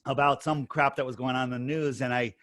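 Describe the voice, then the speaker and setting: A man's voice: mid-range voice, fairly even intonation, fairly bright tone, no echo, clean studio sound. A middle-aged man from the United States, a podcast guest telling his story in a casual, emphatic way. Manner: emphatic, storytelling, quick bursts. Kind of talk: casual interview talk.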